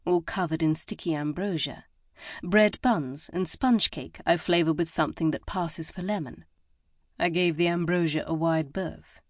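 A woman narrating a first-person audiobook in a measured, expressive way. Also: fairly low pitch, no echo, clean studio sound.

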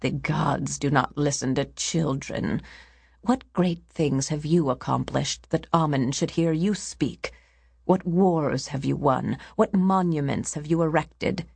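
A woman's voice: lowish voice, lively intonation, slow, vocal fry, few pauses, darkish tone, slightly rough, no echo, exaggerated voice. A woman voicing a harsh, scornful old priestess in an audiobook. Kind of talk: audiobook character voice.

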